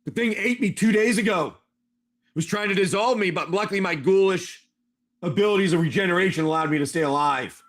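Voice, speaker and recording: A man's voice: high-pitched, fairly quick, close to an everyday voice. A man voicing a small, grateful male ghoul creature who speaks in relieved, effusive thanks.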